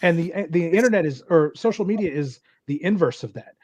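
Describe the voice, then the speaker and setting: A man's voice: fairly high pitch, expressive, brisk, a little mellow, no room sound, dull audio. A man hosting a casual podcast chat, talking in a rambling, casual way and swearing. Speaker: podcast host.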